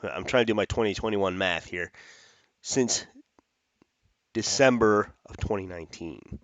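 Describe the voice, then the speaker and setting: A man's voice: on the low side, a little slow, no room sound, muffled recording. Chatty man breaking down fight picks. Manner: chatty, rambling with restarts and self-corrections. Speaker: MMA fight picks host. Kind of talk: casual fight prediction talk.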